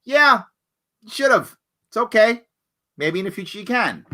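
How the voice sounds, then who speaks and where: A man hosting a live online Q&A who reads viewers' comments and answers them, often acting out other people's lines. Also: unhurried. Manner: animated, acts out other people's lines with big jumps in pitch. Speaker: host answering viewer questions. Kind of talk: live call-in style Q&A stream.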